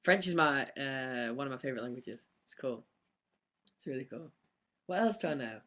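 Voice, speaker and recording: A man's voice: mid-range voice, lively intonation, normal speed, a bit bright. A young man, chatting casually on a live stream and answering fan questions with lots of ums and laughs. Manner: chatty, rambling, laughs often, many ums.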